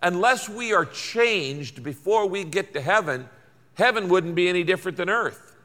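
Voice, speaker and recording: Older pastor preaching in an echoing hall. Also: male voice, high-pitched, animated, normal speed, sharp tone. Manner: folksy storytelling, emphatic repetition. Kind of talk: sermon.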